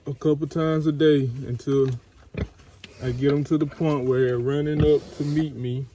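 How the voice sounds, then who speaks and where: A man, talking slowly and gently as he explains handling piglets in a casual farm vlog. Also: on the high side, little pitch movement. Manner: slow, soothing, talks gently to piglets. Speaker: farm vlogger. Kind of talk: casual vlog narration while handling animals. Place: outdoor pig pen on a farm. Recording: noisy outdoor farm recording. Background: squealing piglets and grunting pigs.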